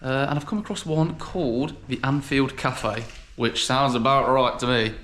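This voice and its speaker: A man's voice: mid-range voice, steady tone, normal speed. Casting: man, travel vlogger, chatty and rambling, over heavy traffic noise. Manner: chatty, rambling, self-questioning. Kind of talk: casual travel vlog to camera. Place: outdoors, windy, traffic around.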